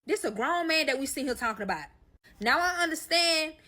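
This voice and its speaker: A woman's voice: high voice, animated, a little fast, sharp tone. A woman telling a personal story in a casual monologue, swearing a lot and talking straight to her listeners as y'all. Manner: profane, emphatic, addresses listeners as y'all.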